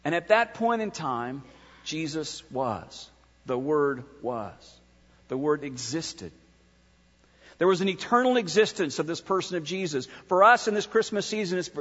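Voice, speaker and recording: Earnest high-voiced man preaching in a hall. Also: expressive, a bit bright, lo-fi sound. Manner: earnest, drops low and slow on key phrases. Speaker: pastor. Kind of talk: sermon.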